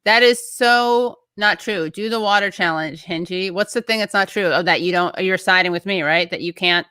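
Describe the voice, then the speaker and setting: Woman host just chatting, kinda rambly, bright voice, dry sound. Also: fairly low pitch, fairly even intonation, fairly quick, clear, resonant tone, no room sound. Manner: chatty, rambling, breaks off mid-thought. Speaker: show host. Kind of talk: casual livestream chat, reading viewer comments.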